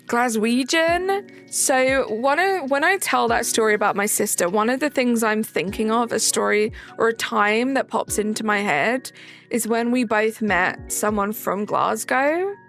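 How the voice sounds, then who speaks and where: A woman's voice: on the high side, measured pace, fairly bright tone, faint music behind. A young woman streaming a game, chatting casually and answering chat messages aloud.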